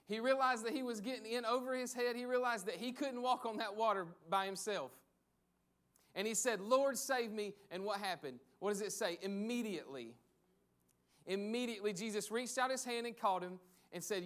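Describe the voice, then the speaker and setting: High-voiced man preaching a sermon. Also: a bit bright. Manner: conversational, repeats phrases for emphasis. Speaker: pastor.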